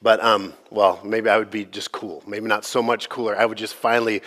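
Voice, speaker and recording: A man, a pastor, giving a sermon in a casual, joking, conversational way, his voice slightly gravelly from allergies. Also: lowish voice, little pitch movement, a little fast, a bit bright.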